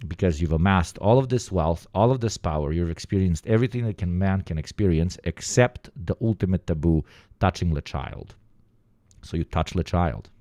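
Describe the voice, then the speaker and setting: A young man rants crudely to his stream chat, mocking and joking as he goes. His voice sits low, and the sound is dry and close. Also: warm tone, dry recording. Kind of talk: casual profane stream commentary.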